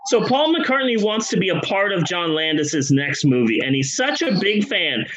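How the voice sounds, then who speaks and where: A man hosting a podcast, telling a funny story in a casual, profane, jokey way with quick asides. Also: high voice, big pitch swings, a bit bright, low-quality recording.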